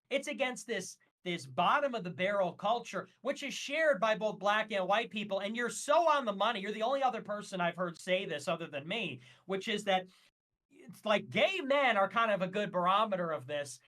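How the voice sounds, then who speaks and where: A man's voice: sits high, pushed and bright. A man talking as a guest on a casual livestream, ranting emphatically and with strong opinions, with frequent fillers.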